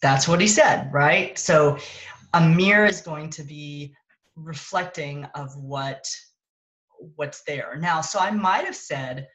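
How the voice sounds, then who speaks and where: A woman with a low voice gives a casual parenting talk over a phone mic. She thinks out loud, stops to rephrase, and keeps a relaxed, conversational flow. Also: slow pace, low-quality recording. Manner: conversational, thinks aloud and corrects herself. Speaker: parenting coach. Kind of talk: casual teaching talk on a live stream.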